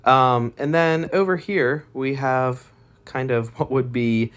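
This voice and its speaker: A man's voice: mid-range voice, fairly even intonation, takes it slowly, fairly bright tone, clean tone. A young man giving a home music lesson in his kitchen, explaining step by step and chanting words in rhythm. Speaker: music teacher.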